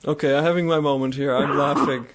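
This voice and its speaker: A man's voice: fairly high pitch, steady tone, fast. Chatty man laughing through a podcast. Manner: rambling, laughs often. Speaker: podcast co-host. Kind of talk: casual chat.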